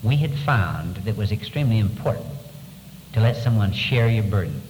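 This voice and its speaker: Low-voiced man telling a story in a hall. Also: animated, a little mellow. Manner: earnest, measured, with pauses. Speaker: speaker recounting wartime captivity. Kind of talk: storytelling talk. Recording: echoey hall with background noise.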